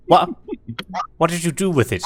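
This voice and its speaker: A man narrating as game master of a live tabletop game, relaxed and often laughing. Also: high voice, vocal fry.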